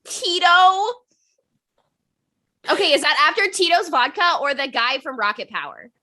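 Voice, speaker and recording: A woman's voice: high-pitched, very animated, moderate pace, sharp tone. A young adult woman hosting a casual podcast, gushing and swearing freely. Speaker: podcast host.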